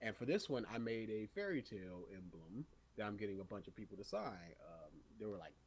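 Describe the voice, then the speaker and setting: In casual podcast chat, a young male co-host tells an animated story, acting out other people's voices and laughing often. His voice is on the low side, brisk, and slightly rough.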